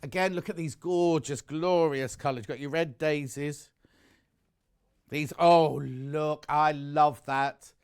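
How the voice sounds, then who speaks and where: A man's voice: on the high side, steady tone, slow, smooth. A man presenting on a live shopping channel, chatty and enthusiastic, rambling into personal asides between prices.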